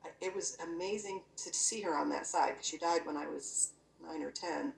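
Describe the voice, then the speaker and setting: Low gravelly woman telling her story. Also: moderate pace, a little hiss or hum. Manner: earnest, conversational, full of "you know" and "I'm like". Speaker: guest sharing a near-death experience. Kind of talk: personal testimony, casual storytelling. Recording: echoey room, voice from a distance.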